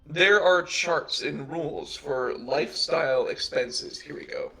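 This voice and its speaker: A man's voice: on the high side, measured pace, gravelly, hardly any pauses, fairly bright tone, distant mic, faint music behind, rough recording. A man running a tabletop game as game master, narrating casually with jokes and fillers. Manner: casual, joking, many fillers.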